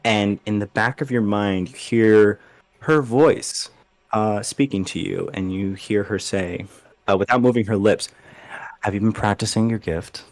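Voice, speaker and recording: GM narrator, man, lowish voice, casual rambling delivery, dry close recording. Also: unhurried, dry recording. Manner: loose, filler-heavy narration with many "like"s. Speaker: game master. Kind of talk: narrating a tabletop game.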